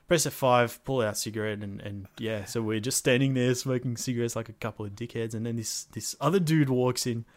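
A man's voice: mid-range voice, fairly quick, few pauses. A man co-hosting a podcast, telling a gaming story in a laid-back way and swearing freely. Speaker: podcast co-host. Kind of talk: casual storytelling chat.

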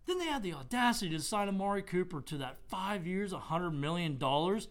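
A man's voice: sits high, sing-song. A man co-hosting a casual sports podcast, giving opinionated takes and jumping in with agreement. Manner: opinionated, quick to agree and interject. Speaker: podcast co-host.

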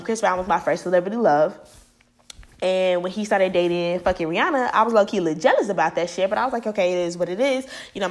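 A young woman from the United States vlogging, giving casual and profane celebrity commentary and acting out the voices she quotes. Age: young adult. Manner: animated, profane, acts out quoted voices high and loud.

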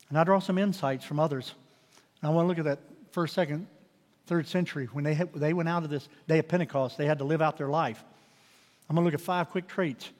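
A man preaching a sermon, animated and swinging from loud declarations to hushed, intimate pleas. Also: a little high, long reverb tail. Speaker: pastor.

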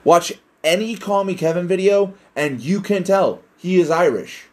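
A man's voice: high voice, moderate pace, darkish tone. A young man hosting a casual solo podcast, rambling and self-deprecating, swearing often. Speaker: podcast host.

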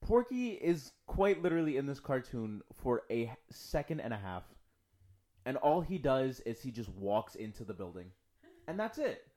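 A man's voice: medium pitch, big pitch swings, normal speed, dark tone. A man co-hosting a podcast in casual chat, talking enthusiastically with lots of filler words. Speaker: podcast co-host.

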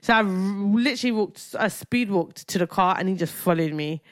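A woman's voice: medium pitch, moderate pace, no echo, clean studio sound. A woman co-hosting a parenting podcast, retelling a day in casual chat with a tired, matter-of-fact manner. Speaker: podcast co-host.

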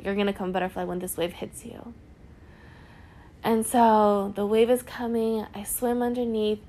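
A woman's voice: fairly high pitch, darkish tone. A young woman hosting a podcast, telling a personal story in an earnest, emotional way and filling her talk with "like". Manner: chatty, heavy use of "like" fillers. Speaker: podcast host.

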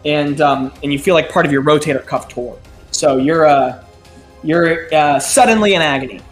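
A man narrating a tabletop game as game master, speaking haltingly with many ums and uhs. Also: on the high side, soft background music.

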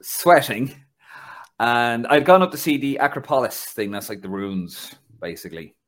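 A man with a Dublin Irish accent hosting a casual football podcast, telling stories with laughter and a chatty, animated manner. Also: medium pitch, normal speed. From Ireland. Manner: chatty storyteller, laughs through anecdotes. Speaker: podcast host.

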